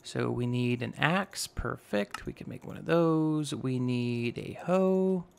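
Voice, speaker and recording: A man in his twenties with a slightly raspy voice, casually narrating a building game and rambling as he goes. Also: mid-range voice, animated, slow pace, a little mellow. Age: 20s. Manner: rambling, self-teasing, narrates each step aloud. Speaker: gaming YouTuber. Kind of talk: casual Minecraft let's play commentary.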